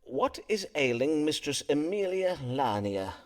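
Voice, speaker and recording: An actor playing a courteous Elizabethan doctor-astrologer in a video game, speaking in formal, archaic phrases with polite tact. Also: male voice, a little high, sing-song, measured pace, soft background music.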